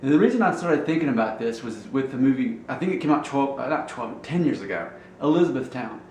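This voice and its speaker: A man's voice: mid-range voice, animated, quick pace, darkish tone. A man from Alabama musing casually to camera as a blogger, rambling and thinking aloud with fillers. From Alabama, USA. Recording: roomy echo, faint noise.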